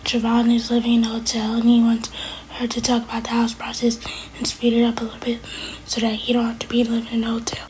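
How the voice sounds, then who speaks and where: A woman racing through a recap of a TV episode, her slightly high voice staying in a narrow, even band. She relays what each character says one line after another, in a casual, chatty vlog delivery. A faint hum of room noise sits underneath. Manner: rapid retelling, quoting characters with "she's like". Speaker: TV recap vlogger.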